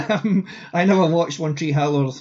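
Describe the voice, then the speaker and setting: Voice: medium pitch, a little slow, darkish tone, dull audio. A podcast co-host chatting casually about a film, wry and blunt, swearing offhandedly. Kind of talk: casual chat.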